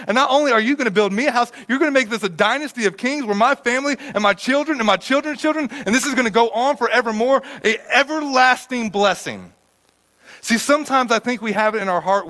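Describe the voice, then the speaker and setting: A man preaching a sermon as a church pastor, stammering and repeating words as he gets fired up, swinging from hushed to loud. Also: sits high.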